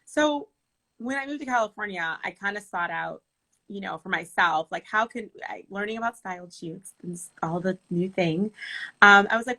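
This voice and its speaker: Woman, wedding planner, interview chat, bright tone, animated storyteller. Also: medium pitch, moderate pace, poor audio. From Michigan.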